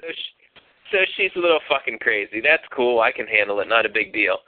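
A man's voice: fairly low pitch, animated, fast talker, dry recording. A man hosting a radio show, telling a story in casual chat with lots of profanity and laughter. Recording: tinny phone-like radio audio.

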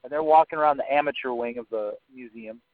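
A man's voice: mid-range voice, fast talker, no room sound. A man casually telling a story as a podcast co-host, swearing freely and saying "like" often. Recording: dry, narrow phone-like sound.

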